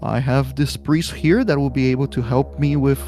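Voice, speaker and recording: A man's voice: medium pitch, fairly even intonation, moderate pace, mellow, faint music behind, natural voice. A man voicing a shy, formal lawyer who speaks in a stiff, hesitant way. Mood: explaining.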